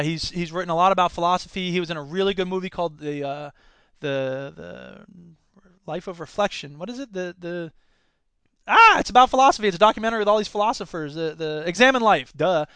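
Chatty high-voiced man hosting a podcast. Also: fairly bright tone, smooth, no echo. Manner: rambling, self-mocking, chatty. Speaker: podcast host. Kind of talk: casual solo podcast monologue.

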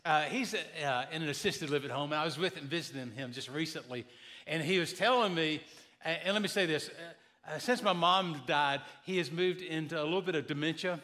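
A man's voice: a little high, fairly quick, bright, forceful tone. A man in his fifties preaching a sermon, telling folksy, joking stories as the pastor.

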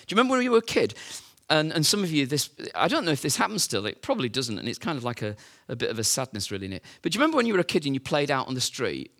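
Chatty preacher. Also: male voice, a little high, wildly swooping pitch, rapid-fire, vocal fry, hardly any pauses, a bit bright. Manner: conversational storytelling with rhetorical questions and fillers. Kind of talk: sermon.

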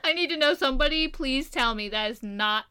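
Young woman, from Maryland, podcast co-host, giggly, rambling, high bright voice. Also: lively intonation, fairly quick, clear, resonant tone. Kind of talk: casual podcast chat.

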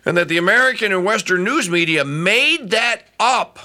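A middle-aged man delivers talk radio commentary in a bright, ringing voice that sits somewhat high for a man. His pitch swings widely as he rambles on, restarting his sentences again and again. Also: moderate pace. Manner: animated, rambling with frequent restarts. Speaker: radio show host.

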